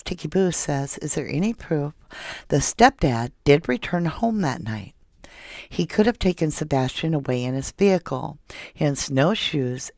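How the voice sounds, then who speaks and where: A woman's voice: low voice, creaky, a little mellow, no room sound, studio quality. A woman hosting a casual true crime livestream, reading viewer comments aloud and giving blunt opinions. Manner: opinionated, blunt, reads out chat messages. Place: home.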